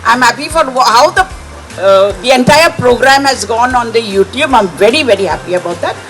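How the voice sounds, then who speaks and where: A woman's voice: a little high, expressive, brisk, fairly bright tone, soft background music. An older woman, emotional and laughing between words as she thanks guests over a handheld microphone. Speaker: honoree addressing guests. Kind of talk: emotional thank-you speech.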